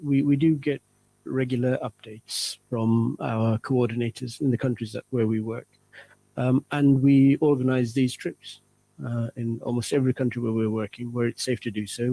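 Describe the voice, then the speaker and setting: A man talks as a guest on a radio interview, earnest and measured, and slows down to stress his points. His voice is dark and mellow, with a gravelly rasp. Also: medium pitch, rough recording. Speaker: charity representative, guest.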